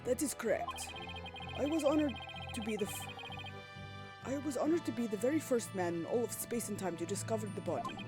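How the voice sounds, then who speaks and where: A woman's voice: a little high, fairly quick, music in the background, natural voice. A woman voicing a pompous older male space center director in a put-on Russian accent, speaking grandly and self-importantly. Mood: grandiose.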